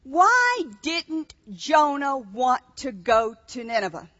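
A woman preaches with a high, bright voice, reading a story aloud and then putting questions to the listeners. Her voice carries a long echo through a large hall. The recording is muffled and dull. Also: sing-song, takes it slowly. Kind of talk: sermon reading scripture aloud.

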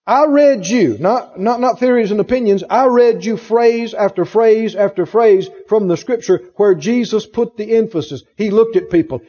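A man's voice: sits high, normal speed, hardly any pauses, mellow, breathy edge. A man preaching a sermon emphatically, repeating phrases and asking the congregation questions. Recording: dull lo-fi recording in a reverberant hall.

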